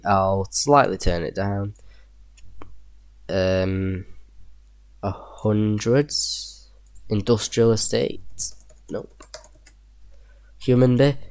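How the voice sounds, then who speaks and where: Recorded with no room sound, this low-pitched, slightly mellow young man speaks in a Yorkshire accent. He casually narrates his gameplay, building a train map and chuckling occasionally as he thinks aloud.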